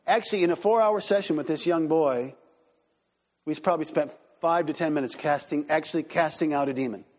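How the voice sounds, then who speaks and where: A man pastor teaching a church group and taking questions, animated and acting out quoted voices. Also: fairly high pitch, fairly quick. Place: church hall. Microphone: handheld microphone. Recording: reverberant hall.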